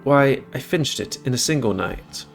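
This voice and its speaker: A man voicing a kindly elderly grandfather who paints, speaking in a formal, genteel, unhurried way. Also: medium pitch, animated, vocal fry, soft background music. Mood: fond.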